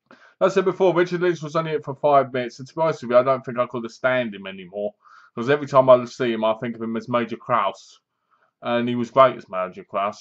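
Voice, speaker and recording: A movie reviewer rambles loosely through a casual spoken review of a horror film, restarting his sentences often. His mid-range voice is a bit bright, though the recording sounds muffled.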